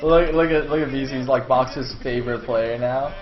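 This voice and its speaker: A man casting a video game match live, excitable and swearing freely, breaking into laughing shouts. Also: medium pitch, fairly quick. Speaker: esports caster. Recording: echoey room, dull lo-fi sound.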